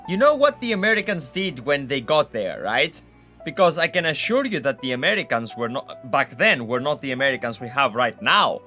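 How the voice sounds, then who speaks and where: A young man commenting on a game live, excitable and ranting. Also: mid-range voice, brisk, soft background music. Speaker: streamer.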